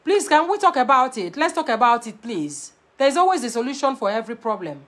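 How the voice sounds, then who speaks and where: A woman with a Nigerian Pidgin English accent talks straight to camera in a high voice. She is blunt and animated, slipping between Pidgin and plain English as she talks. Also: brisk. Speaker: vlogger giving marriage advice. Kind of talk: casual to-camera talk.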